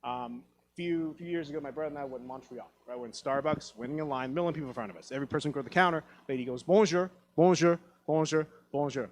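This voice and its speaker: A man's voice: medium pitch, very fast, a little hiss or hum. A man performing a stand-up comedy set on a theatre stage, telling stories animatedly and acting out other people's voices. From Taiwan. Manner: animated storytelling, acts out voices.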